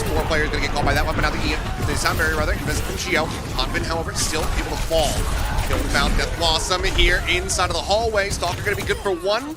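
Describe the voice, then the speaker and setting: A man giving rapid esports play-by-play commentary in short, clipped calls. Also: fairly high pitch. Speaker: play-by-play caster.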